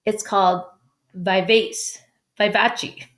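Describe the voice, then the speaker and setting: A woman's voice: mid-range voice, big pitch swings, normal speed. A woman voicing a demanding older female piano teacher who quizzes her pupil in a storybook reading. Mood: quizzing. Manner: quizzing, prompting.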